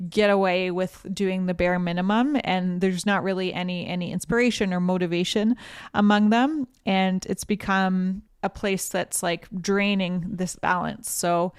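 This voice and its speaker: A woman's voice: on the low side, a little mellow, smooth, dry recording, clean studio sound. A woman co-hosting a casual podcast book club, retelling a story's plot with plenty of fillers. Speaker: podcast co-host.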